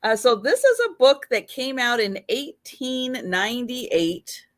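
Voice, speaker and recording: A woman co-hosting and selling on a live stream, chatting casually in an unhurried, matter-of-fact way. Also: a little high, sing-song. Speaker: co-host and seller. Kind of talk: casual livestream chat.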